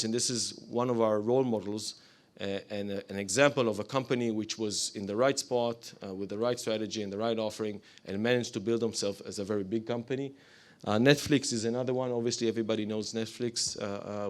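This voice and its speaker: Hesitant low-voiced man pitching a startup. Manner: hesitant, many fillers, apologetic asides. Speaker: startup presenter. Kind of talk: business pitch to a live audience.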